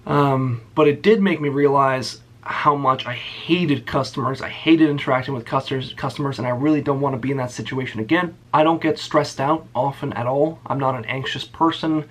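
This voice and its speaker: A man's voice: mid-range voice, normal speed, few pauses. A young man telling a story about an old job to his channel, blunt and sarcastic, swearing often. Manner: blunt and profane. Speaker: YouTuber. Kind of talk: storytime rant.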